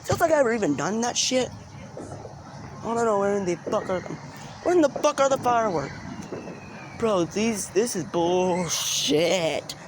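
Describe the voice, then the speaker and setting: Jumpy, swearing man vlogging fireworks outdoors. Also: sits high. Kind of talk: casual vlog commentary. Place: outdoors at night during fireworks. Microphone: handheld phone camera. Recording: noisy outdoor phone recording.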